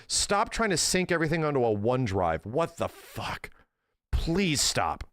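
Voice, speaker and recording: A man's voice: a little high, sing-song, measured pace, fairly bright tone, no echo, studio quality. A man in his thirties chatting casually to his stream viewers, ranting in an exasperated way and swearing often.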